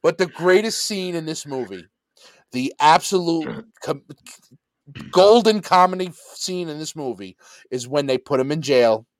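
A man co-hosting a podcast in casual chat, animated, swearing freely and acting out movie lines. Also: mid-range voice, no echo. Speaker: podcast co-host.

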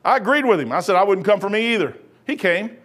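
A man in his sixties preaches with a notably high voice. His delivery is folksy and lively, dropping to near-hushed asides and then climbing into loud bursts, and he acts out the people in his stories himself. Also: quick pace. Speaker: pastor. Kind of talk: preaching a sermon.

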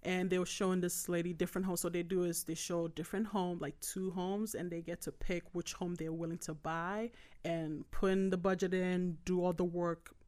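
A woman co-hosting a casual faith podcast, telling a story in an animated, emotional way and laughing often. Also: fairly low pitch, normal speed.

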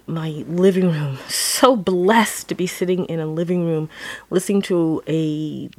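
A woman tells a personal story at an unhurried pace in a slightly low voice. She slips into hushed whispers and then bursts out loudly. The recording is close and dry. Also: no echo. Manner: dramatic, moves between hushed whispers and sudden loud outbursts.

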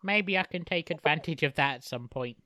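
A man's voice: fairly high pitch, lively intonation, brisk, sharp tone, no room sound. A man co-hosting a podcast in casual chat, making dry teasing remarks. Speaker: podcast co-host.

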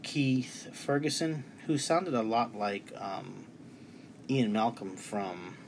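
A man's voice: fairly low pitch, slow pace, background noise. A man in his thirties talking casually in his bedroom about a film he loved, enthusiastic and emotional, rambling with restarts. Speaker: movie reviewer. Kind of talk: casual movie review.

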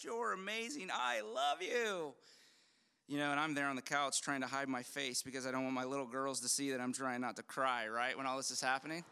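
A middle-aged man preaching a sermon as a pastor, conversational and animated, often restarting his phrases. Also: mid-range voice, clear, resonant tone. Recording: long hall reverb.

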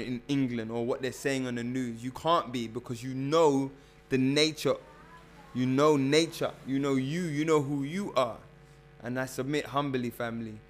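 A man's voice: mid-range voice, a bit bright. A man working as a spiritual health coach, talking casually and preachily to his followers, calling them "family" and hammering his points with repetition. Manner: preachy, calls listeners "family"; emphatic, repeats phrases for effect. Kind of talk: casual livestream talk to followers.

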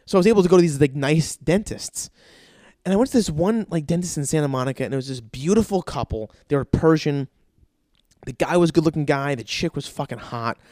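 A man's voice: a little high, animated, a little fast, darkish tone, no room sound, studio quality. A man in his thirties doing a profane, rambling comedic rant and jumping into other people's voices. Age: 30s. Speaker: stand-up comedian.

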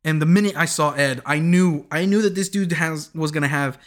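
Recapping a TV show in loose, rambling chat, this man laughs readily at his own jokes. His voice runs slightly high, and he stumbles over words, often restarting and correcting his sentences.

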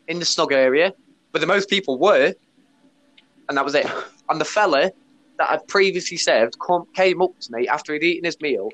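A man hosting a podcast, telling a story in a casual, blunt way, swearing often. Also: medium pitch. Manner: blunt, sweary, animated retelling with laughs. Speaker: podcast host; bar worker.

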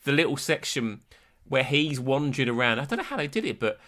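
A man's voice: mid-range voice, very animated, fairly quick, pushed and bright. A man co-hosting a podcast, chatting enthusiastically about a documentary. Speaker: podcast co-host. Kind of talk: casual chat reviewing a documentary.

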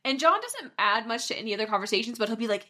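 A young woman co-hosting a casual podcast, quick and expressive, laughing often. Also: a little high, slight background noise. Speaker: podcast co-host. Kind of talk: casual chat.

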